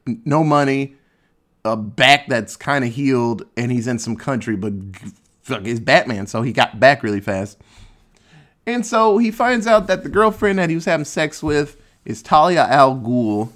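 A man casually recapping a movie plot in a rambling, sarcastic way, swearing freely. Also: mid-range voice.

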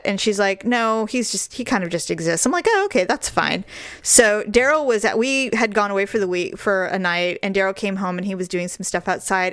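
A woman casually telling a story in chat, acting out the people she quotes in high, exaggerated voices. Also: clear, resonant tone, dry recording, studio quality. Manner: animated, jumps into high put-on voices when quoting people.

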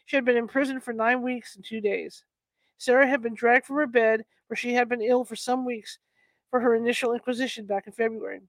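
A woman reads a nonfiction history book aloud in a somewhat high voice, pausing to fix her stumbles and toss in casual remarks. Her allergies are bothering her. The sound is close and dry, with no room echo. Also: fairly even intonation. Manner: stumbles and corrects herself with chatty asides.

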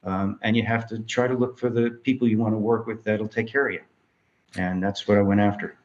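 A man's voice: lowish voice, brisk, lo-fi sound. A man from New York, a filmmaker, telling his life story in an interview and acting out the voices of people in it. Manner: animated storyteller acting out quoted dialogue.

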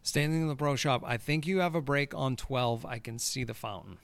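A man's voice: mid-range voice, a little fast, vocal fry, clear, resonant tone, dry recording. A man who works as a golf course superintendent, telling rambling stories in casual chat, swearing and laughing often.

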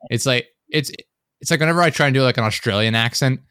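A young man co-hosting a podcast, rambling casually and dropping deadpan jokes. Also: medium pitch, fast, smooth, no echo, clean studio sound. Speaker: podcast co-host. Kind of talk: casual chat.

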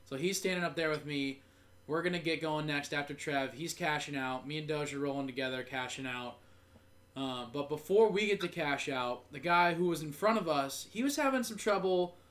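Chatty storytelling guy, higher voice. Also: moderate pace, a bit bright. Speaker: podcast co-host. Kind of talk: casual sports chat.

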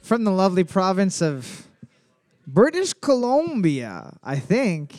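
A man's voice: high-pitched, huge pitch swings, slow, darkish tone. A man hosting a music quiz, playful and joking, now and then singing a line. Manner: playful, joking, often breaks into song lines. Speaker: quiz host.

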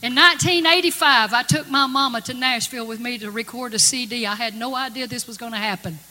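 A woman's voice: a little high, quick pace, sharp tone. A woman giving earnest, folksy spoken testimony to a congregation in a hall. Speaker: gospel singer giving testimony. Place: church or conference hall. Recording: long-reverb hall with music.

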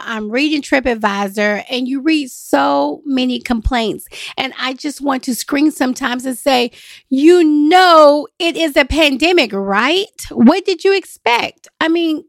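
A woman hosting a travel podcast in a lively, emphatic, chatty way. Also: fairly high pitch, gravelly, no echo, clean studio sound. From United States. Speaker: podcast host and travel agent. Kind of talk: solo podcast talk.

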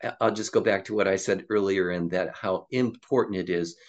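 An older man, a psychologist guest on an interview podcast, telling stories casually and acting out quoted dialogue with lively jumps in pitch. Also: fairly quick, dull audio. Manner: animated storyteller who acts out quoted dialogue with rising pitch.

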